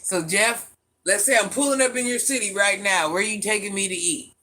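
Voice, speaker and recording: A man with a mixed country accent hosts a casual live stream, playfully reading and answering viewers' comments. His voice is high, pushed and bright, and he talks a little fast.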